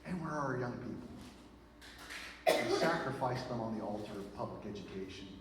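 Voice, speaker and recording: A man giving a speech to a live audience, telling stories in an animated way with lots of fillers and asides. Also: lowish voice, fairly quick. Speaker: speaker. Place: event hall with an audience. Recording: very echoey hall from far off, noisy.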